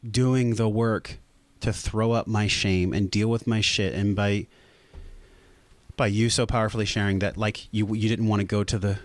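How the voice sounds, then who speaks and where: Earnest low-voiced man on a podcast. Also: no room sound. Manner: earnest and intense, swearing for emphasis. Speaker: podcast guest. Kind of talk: emotional conversational podcast talk.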